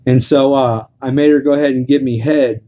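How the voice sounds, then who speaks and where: A man's voice: mid-range voice, steady tone, brisk, warm tone. A man telling crude comic stories as a podcast co-host, rambling and profane.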